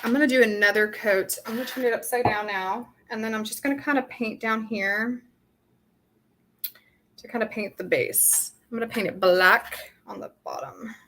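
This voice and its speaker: A woman's voice: on the high side, moderate pace, bright, forceful tone. A young woman from Southern California hosting a casual live painting tutorial, chatting and thinking aloud with many ums, her throat dry. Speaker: craft workshop host.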